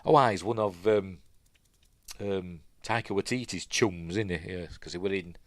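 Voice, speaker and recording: Low-pitched Yorkshire host, dry and close-miked, meandering chatty delivery full of fillers. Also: male voice, normal speed, no room sound. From Yorkshire, England. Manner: rambling, chatty, lots of fillers, self-correcting. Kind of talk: casual live commentary while watching.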